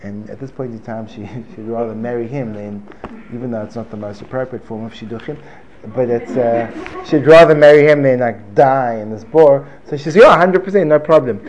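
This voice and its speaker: A man's voice: mid-range voice, moderate pace, darkish tone. A man teaching an informal Torah class to a live room, joking and digressive, often repeating himself. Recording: dull lo-fi recording with faint room noise.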